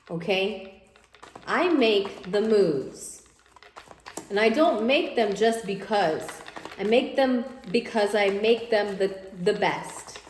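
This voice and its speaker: A woman giving a casual spoken tarot reading, animated and repetitive, often voicing her listener's imagined thoughts. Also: medium pitch. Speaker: tarot reader. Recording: echoey room, faint noise.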